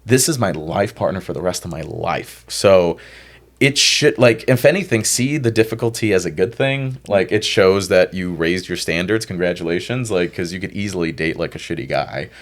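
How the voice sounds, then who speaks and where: A man working as a life and love coach, giving relaxed, reflective advice on a podcast and often saying "like". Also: low-pitched, normal speed.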